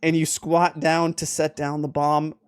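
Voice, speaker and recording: A man running a tabletop game, narrating scenes slowly for suspense and laughing between lines. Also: on the high side, monotone, noisy background. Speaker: game master.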